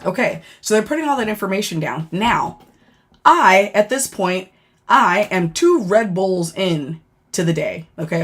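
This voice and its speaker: A woman, a former corrections officer, casually telling a story on a livestream, animated and profane, with lots of fillers. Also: medium pitch. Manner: animated, profane, laughing and dramatizing; chatty with many fillers.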